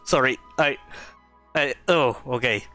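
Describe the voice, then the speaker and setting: A woman's voice: rumbling low, measured pace, sharp tone, soft background music. A woman streaming a video game, reading the dialogue aloud and reacting emotionally, laughing and stammering often. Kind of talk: casual gameplay commentary, reading dialogue aloud.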